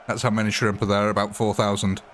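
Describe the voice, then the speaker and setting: A man's voice: fairly low pitch, little pitch movement, quick pace, a bit bright, a little hiss or hum. A man hosting a live game stream, chatting casually and jokily as he rambles between topics. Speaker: live-stream gamer host.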